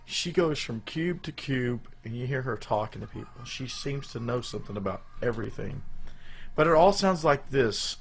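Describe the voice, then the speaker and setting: A man's voice: mid-range voice, expressive, normal speed. A man co-hosting a live show, chatting casually in a rambling, jokey way with loose restarts. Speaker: podcast co-host.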